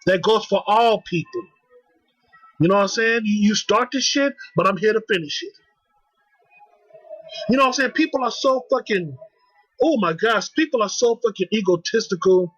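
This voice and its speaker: A man's voice: sits high, expressive, normal speed, pauses often, fairly bright tone, breathy edge, no echo, highs cut off. A young man ranting angrily to the camera, heated and profane, repeating himself. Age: young adult. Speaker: vlogger. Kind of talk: angry rant.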